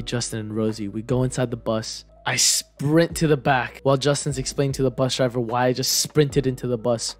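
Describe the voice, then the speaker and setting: A young man telling a storytime vlog anecdote, swinging from low mutters to excited shouts. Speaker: vlogger.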